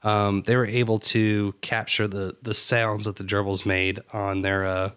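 A man co-hosting a podcast in relaxed chat, reading a news excerpt and cueing sound clips, easygoing and chuckling. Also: fairly low pitch, a little slow, smooth. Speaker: podcast co-host.

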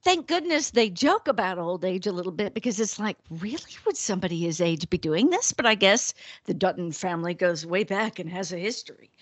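A middle-aged woman co-hosting a podcast, telling stories in an animated way and laughing often. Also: fairly low pitch, fairly quick, no room sound. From the American North. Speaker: podcast co-host. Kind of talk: casual chat.

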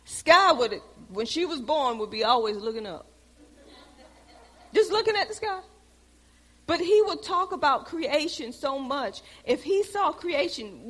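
Woman, sermon-style teaching, fairly high voice, long hall reverb. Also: normal speed, hardly any pauses. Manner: animated storytelling, rises to loud exclamations. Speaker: bible study teacher.

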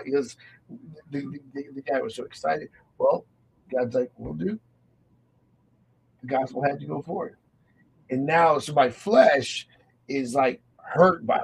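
Brief: male faith-radio host, gravelly tone, animated storyteller who acts out quotes. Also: fairly high pitch, rough recording.

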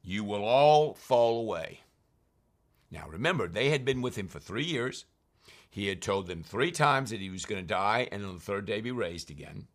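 A man's voice: lowish voice, animated, moderate pace. A man teaching from scripture, reading verses aloud and then explaining them in plain, conversational terms. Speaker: preacher.

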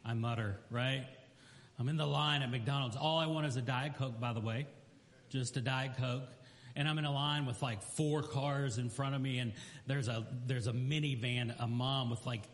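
A man's voice: mid-range voice, a bit bright. A man preaching a sermon, telling stories and acting out quotes and everyday asides. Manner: storytelling preacher who acts out quotes and asides. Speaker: pastor. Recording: long hall reverb.

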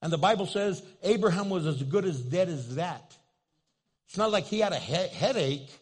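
A man's voice: high voice, expressive, normal speed, a little mellow, slightly rough. A man preaching a sermon in a church, telling a story with humor and asking his listeners questions. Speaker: pastor.

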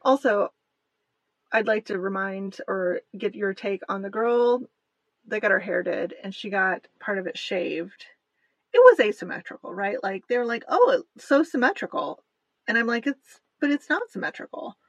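Woman, podcast co-host, husky, dry close sound, giggly casual chat. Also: mid-range voice, steady tone, normal speed, no room sound. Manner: giggly, chatty storytelling.

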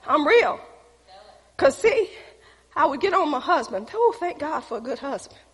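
A middle-aged woman preacher telling a testimony, animated, acting out quotes and talking straight to the crowd. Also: high voice, normal speed, in a large hall. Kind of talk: sermon testimony storytelling.

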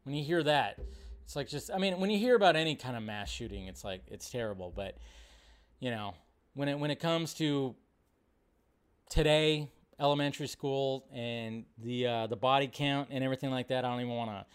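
A man hosting a live stream in casual commentary, animated, swearing freely and mocking others in exaggerated voices. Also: medium pitch, normal speed, clean tone. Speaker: show host.

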